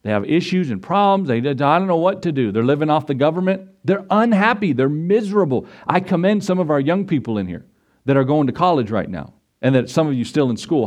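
Preaching to his congregation, a pastor with a voice on the high side is emphatic and repetitive, swinging between loud declarations and quiet asides.

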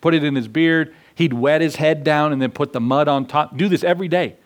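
A man's voice: fairly high pitch, a little fast. A middle-aged male pastor preaching a sermon in an earnest, conversational way, asking the listeners rhetorical questions.

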